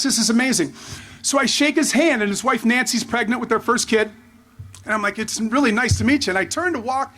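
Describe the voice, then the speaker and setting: A man in his fifties giving a memorial tribute speech as a former player, telling stories animatedly, acting out quotes and often restarting his sentences. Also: very high-pitched. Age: 50s. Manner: animated, excitable storyteller who acts out quotes. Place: stadium memorial event.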